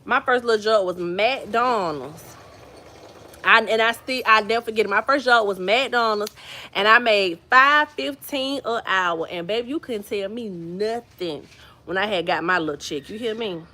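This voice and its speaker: A woman's voice: medium pitch, moderate pace, sharp tone. A woman from New Jersey chatting casually with viewers on a livestream, telling stories and greeting people by name. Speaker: vlogger hosting a livestream.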